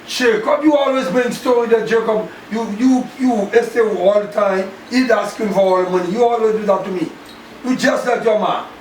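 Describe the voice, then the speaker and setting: A man's voice: sits high, moderate pace, natural voice. A man playing an emphatic Bahamian father. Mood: upset, pleading. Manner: emphatic, repeats himself, broken grammar. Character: adult man, a hot-tempered but doting father. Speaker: actor in a low-budget feature film. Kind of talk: naturalistic film acting. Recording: roomy, distant, with background noise.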